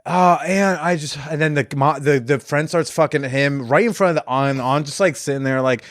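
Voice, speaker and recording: A man's voice: mid-range voice, fairly quick, a bit bright, no room sound, clean studio sound. A man hosting a podcast, chatting casually and rambling through stories with laughs. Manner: rambling, laughs while retelling scenes. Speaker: podcast host. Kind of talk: casual chat.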